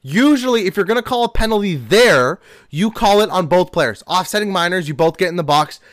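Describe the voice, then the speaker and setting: Male solo podcast host, high lively voice, fired-up rant, dry close mic. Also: fairly quick, no echo. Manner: animated, ranting with rhetorical questions.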